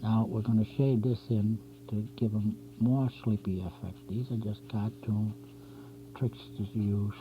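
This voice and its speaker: On a dull 1990s community TV tape with faint hum and faint background music, a drawing instructor hosts his show. He speaks a little slowly in a low, steady voice, talking through every pencil stroke as he teaches cartooning step by step.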